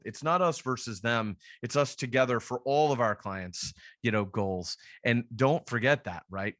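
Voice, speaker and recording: A man leads a relaxed sales training session, mixing advice with stories. He talks in a lively, chatty way and slips into quoted voices to act out phone calls. His voice sits at an ordinary pitch, recorded close and dry with no room sound. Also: no echo. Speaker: luxury real estate trainer. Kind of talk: conversational training talk with storytelling.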